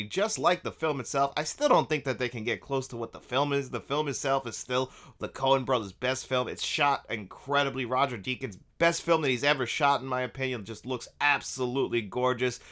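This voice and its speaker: A man's voice: medium pitch, sharp tone. A man from New York giving an enthusiastic, conversational review of a film.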